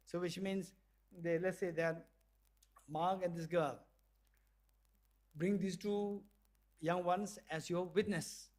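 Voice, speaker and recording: A man with a high voice gives a lecture in a slow, unhurried way. He leads the group through an exercise, playfully acting out small dialogues and laughing along the way. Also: fairly even intonation, darkish tone. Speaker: visiting professor lecturing. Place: lecture hall.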